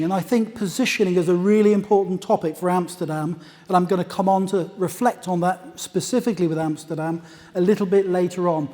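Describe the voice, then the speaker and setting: A man's voice: high voice, darkish tone. A man giving a conference presentation in a hall, talking in a conversational, anecdotal way with asides. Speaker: conference speaker. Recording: long reverb of a lecture hall.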